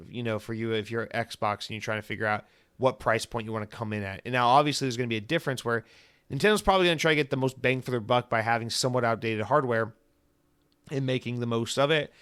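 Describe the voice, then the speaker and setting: A male podcast host talks alone in a loose, chatty monologue that drifts into silly asides. His pitch sits at a medium height for a man, and his delivery stays easygoing and conversational. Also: fairly bright tone, smooth. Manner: rambling, jokey, full of comic tangents. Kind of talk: casual solo podcast monologue.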